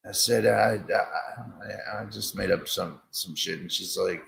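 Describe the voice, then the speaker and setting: A man's voice: on the low side, steady tone, moderate pace, creaky, pushed and bright, slightly rough. A man hosting a comedy talk show, crude and sarcastic in casual banter. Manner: crude, sarcastic, rambling storyteller. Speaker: show host.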